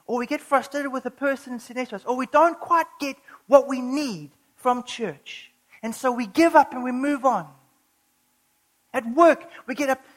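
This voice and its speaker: A woman preaching a sermon, earnest, building to urgent emphasis and slowing down when reading scripture. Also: high-pitched, rough recording.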